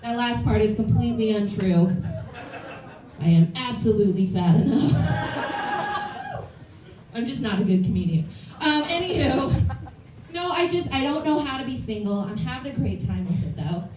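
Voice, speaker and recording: A woman's voice: fairly high pitch, expressive, moderate pace, pauses often. A woman in her late twenties doing a blunt, self-deprecating stand-up comedy set in front of a live audience at a comedy club. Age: late 20s. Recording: distant, roomy, noisy club recording.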